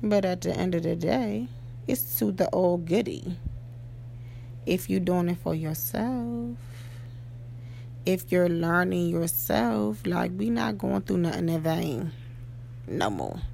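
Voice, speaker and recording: Gravelly woman giving an emphatic pep talk. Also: fairly low pitch, expressive, takes it slowly, pauses often, warm tone, a little hiss or hum. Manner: emphatic, keeps asking "okay?" and "you know?". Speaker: podcast host. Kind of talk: motivational monologue.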